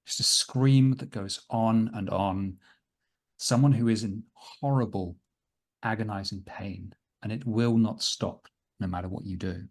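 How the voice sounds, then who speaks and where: A man running a tabletop game as game master. He narrates scenes slowly and dramatically. His voice sits somewhat low. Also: steady tone. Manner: slow, dramatic descriptive narration.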